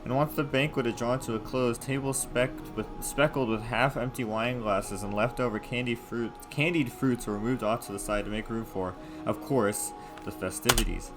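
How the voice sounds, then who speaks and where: A man's voice: medium pitch, normal speed. A man reading a visual novel aloud with casual, joking asides. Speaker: gameplay video host. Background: game music.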